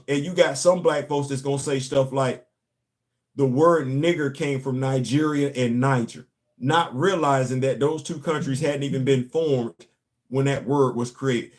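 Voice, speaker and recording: Dude ranting hard on his comics show, kinda high voice, keeps repeating himself. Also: darkish tone. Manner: emphatic, repetitive, ranting. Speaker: host. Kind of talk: casual commentary.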